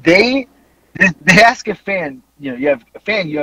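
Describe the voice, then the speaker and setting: High, lively man telling a story. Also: moderate pace, no echo, poor audio. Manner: animated, profane, laughing through his story. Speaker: podcast host. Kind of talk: casual storytelling chat.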